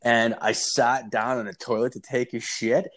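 A man's voice: medium pitch, flat delivery, normal speed, fairly bright tone. A young man telling stories in casual chat, rambling, swearing constantly and laughing as he talks.

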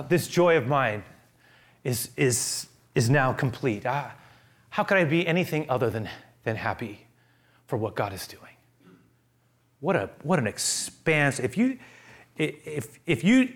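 Man preaching with a pretty high voice, goes quiet and low then gets loud and pushy, keeps saying listen. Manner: swings between hushed low passages and raised emphatic bursts; addresses listeners directly, repeating phrases. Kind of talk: sermon.

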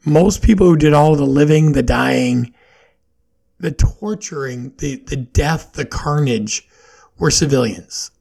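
Male podcast host, raspy with vocal fry; opinionated, questioning, loose and unscripted. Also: on the high side, slow pace, darkish tone. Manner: questioning, opinionated rambling with fillers. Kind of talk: solo podcast monologue.

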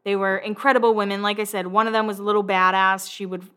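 A woman with a bright, forward voice chats casually as a show host, swearing freely and breaking into laughs. She keeps a loose, conversational recap going. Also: medium pitch, flat delivery, quick pace, smooth.

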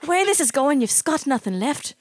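A woman's voice: high voice, very animated, a little fast. A woman improvising a crude, swearing Irish wife who bickers with her husband in a put-on Irish accent. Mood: brash bickering. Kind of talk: improv comedy role-play.

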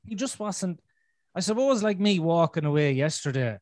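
A man's voice: on the high side, sing-song, normal speed, darkish tone, no room sound. A man with an Irish accent talking bluntly and swearing freely as a podcast guest in a casual conversation.

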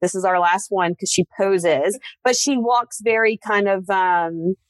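A woman's voice: mid-range voice, unhurried, no room sound. A woman in her thirties co-hosting a podcast, chatting casually with lots of fillers and giggles. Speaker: podcast co-host. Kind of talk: casual chat.

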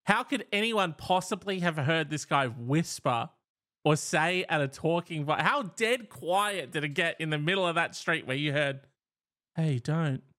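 A man's voice: on the high side, lively intonation, normal speed, pushed and bright. A man co-hosting a casual advice podcast, joking around and riffing into mock-indignant rants. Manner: jokey, riffs on ideas, mock-indignant rants. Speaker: podcast co-host.

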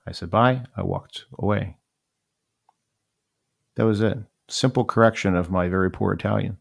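A man's voice: lowish voice, normal speed, creaky. A man in his forties telling a personal story in a rambling, reflective way, often repeating phrases.

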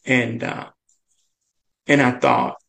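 A man, a guest chef, earnestly recounting a personal story in a halting way, with many "and, uh" fillers and his pitch jumping up whenever he quotes someone. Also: big pitch swings, vocal fry, a bit bright, rough recording. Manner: pitch leaps up when quoting others.

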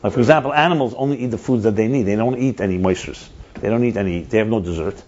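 A man leading a casual group discussion, talking in an animated way and often restarting and repeating words as he tells stories. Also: fairly low pitch, racing. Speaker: lead speaker in a group discussion. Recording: dull lo-fi recording.

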